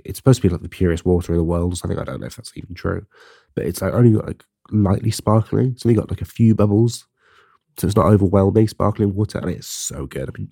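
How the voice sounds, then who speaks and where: A man's voice: sits low, vocal fry, dark tone, husky, no echo, clean studio sound. A young man hosting his own podcast, rambling casually and swearing. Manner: chatty and swearing, with rambling asides. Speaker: podcast host. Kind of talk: casual solo podcast monologue.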